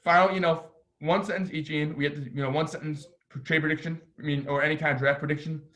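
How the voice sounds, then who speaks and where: A man with a slightly raised voice hosts a casual sports podcast. He rambles, gets excited and pokes fun at himself, with quick fillers between thoughts. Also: fairly high pitch. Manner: excitable, rambling, self-deprecating. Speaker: podcast host.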